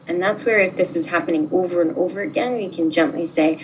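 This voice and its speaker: A woman speaking as a life coach in a relaxed interview, gentle and soothing, often acting out sample dialogues. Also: on the low side, quick pace, few pauses, distant mic, slight background noise, rough recording.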